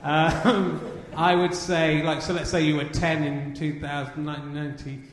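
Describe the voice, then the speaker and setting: A man's voice: a little high, level tone, moderate pace. A middle-aged man, a guest on a live comedy podcast, reasoning aloud in a wry, rambling way. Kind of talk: live stage chat. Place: live theatre venue with audience. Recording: echoey hall, background noise.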